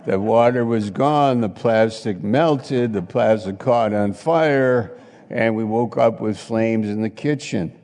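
A middle-aged man preaching a sermon, acting out little scenes and swinging between loud exclamations and quiet asides. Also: fairly low pitch, slow. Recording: long hall reverb.

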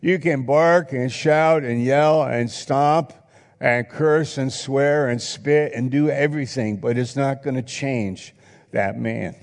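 Slow gravelly male preacher. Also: medium pitch. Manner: earnest, reflective, reads scripture aloud. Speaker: pastor. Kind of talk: sermon. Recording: long reverb in a hall.

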